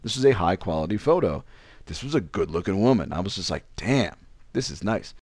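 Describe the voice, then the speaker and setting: Young guy, low voice, animated storyteller, dry close sound. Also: fast talker, no room sound. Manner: animated, acts out quoted lines with pitch jumps. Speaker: podcast host telling a story. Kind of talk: casual storytelling.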